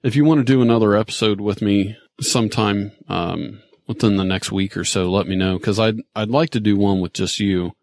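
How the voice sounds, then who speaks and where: Man podcast host, lowish voice, brisk organizer, dry sound. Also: fairly even intonation, darkish tone, no room sound. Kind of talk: casual chat.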